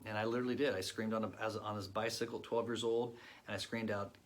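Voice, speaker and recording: A man in his late forties telling his personal faith testimony in an earnest, reflective way, pausing often. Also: lowish voice, level tone. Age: 40s. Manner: earnest and reflective, with pauses and fillers. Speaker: guest sharing his testimony.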